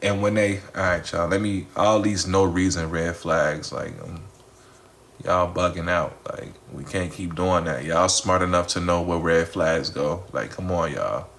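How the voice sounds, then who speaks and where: A man's voice: sits low, fairly even intonation, measured pace, a bit bright. A man casually telling his followers a personal story, repeating phrases, talking straight to the audience and swearing freely.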